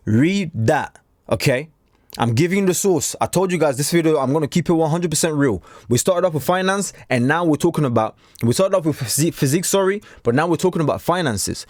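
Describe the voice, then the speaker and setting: A man's voice: on the high side, darkish tone, no echo, clean studio sound. A man from Africa giving a blunt, preachy motivational talk straight to camera, acting out the voices he quotes. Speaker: self-improvement coach.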